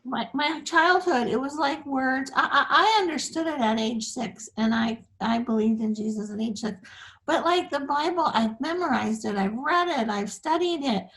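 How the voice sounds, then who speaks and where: High-voiced woman in her sixties, earnest. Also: normal speed. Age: 60s. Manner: earnest, animated storytelling with repeated words. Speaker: show host. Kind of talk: faith talk interview.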